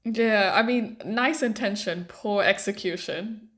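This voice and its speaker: A woman co-hosting a podcast, chiming in with quick, reactive comments during a casual conversation. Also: mid-range voice, fairly bright tone. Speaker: podcast co-host.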